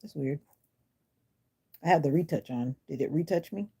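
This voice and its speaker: A low, dark-toned woman's voice with a gravelly, husky edge, talking into her phone on a live stream. She is middle-aged and a little under the weather. She chats loosely and reacts bluntly and with sass to comments from viewers. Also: moderate pace. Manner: chatty, answers comments, sassy and blunt. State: unwell. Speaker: livestream host. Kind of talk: casual livestream chat with viewers. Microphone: phone or device mic.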